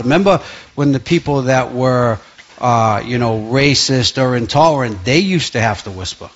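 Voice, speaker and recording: A man's voice: medium pitch, moderate pace. Male musician guest, passionate, stumbling restarts, slightly dull radio sound. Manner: passionate, restarts often, many fillers. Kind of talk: radio interview.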